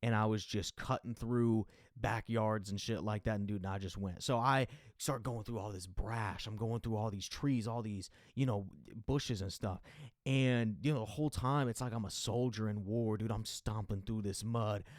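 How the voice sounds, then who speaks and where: A man's voice: fairly even intonation, normal speed, dry recording, studio quality. Slangy young man telling a wild story. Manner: slangy and profane, acts out his own panicked thoughts in a hushed low voice. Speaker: podcast host. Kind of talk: casual storytelling monologue.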